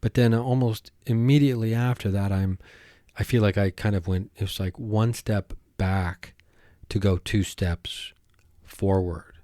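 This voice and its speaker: A man hosting a podcast, talking alone in a rambling, halting way with many restarts. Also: on the low side, steady tone, dark tone, no room sound, clean studio sound. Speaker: podcast host. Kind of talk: casual monologue.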